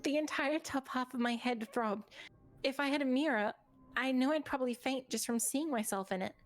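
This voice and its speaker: A woman's voice: high-pitched, moderate pace, faint music behind. Woman reading game narration aloud. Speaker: streamer.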